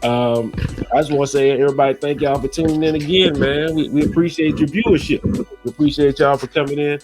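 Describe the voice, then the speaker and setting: A man hosting a casual podcast over a video call, talking in a relaxed way and often saying "you know what I'm saying.". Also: fairly high pitch, fairly quick, over music. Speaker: podcast host.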